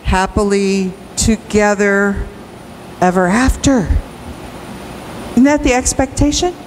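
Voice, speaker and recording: A woman pastor preaching a sermon in a church, slow and emphatic, rising into cries at times. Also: medium pitch, slight background noise, poor audio. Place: church sanctuary.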